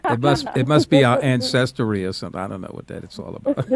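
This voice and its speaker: A man's voice: medium pitch, wildly swooping pitch, brisk, crowd noise. A man from the United States hosting a call-in radio talk show, speaking in an earnest, encouraging way.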